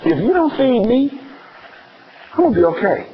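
A man's voice: very high voice, big pitch swings, moderate pace, muffled recording, pitched above the performer's own voice. A man with a Southern US accent voicing Jesus as a firm, emphatic teacher in a sermon. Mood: earnest.

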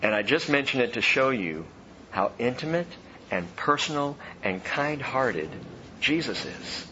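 A man preaching a sermon, animated, swinging from loud emphatic lines to soft hushed ones. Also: medium pitch, measured pace, muffled recording, slight background noise. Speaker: pastor.

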